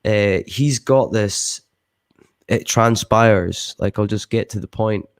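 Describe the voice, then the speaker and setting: Gravelly guy rambling through a sweary story on a podcast, restarts a lot. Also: on the low side, slow pace, a crowd in the background. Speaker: podcast guest. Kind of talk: casual storytelling.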